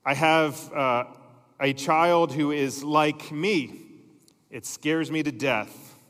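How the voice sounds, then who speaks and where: A middle-aged male pastor preaching a sermon in a church, telling stories and dropping his voice to soft, slow emphasis. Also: on the high side, fairly even intonation, long reverb tail. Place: church sanctuary.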